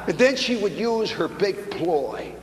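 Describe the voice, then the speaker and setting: A man telling a comic story live before an audience, animated and mimicking the people in it. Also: high voice, slow pace, long reverb tail, a crowd in the background, noisy background. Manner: animated, mimicking voices, building to punchlines.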